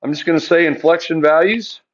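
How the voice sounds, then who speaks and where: A man's voice: on the high side, brisk, highs cut off. A male math teacher lecturing a classroom, asking the students questions and answering them himself.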